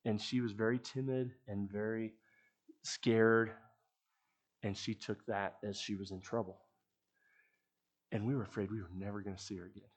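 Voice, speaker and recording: A middle-aged man preaching a sermon, telling stories in an earnest way that often trails off softly. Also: fairly low pitch, steady tone, moderate pace, long pauses. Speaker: pastor.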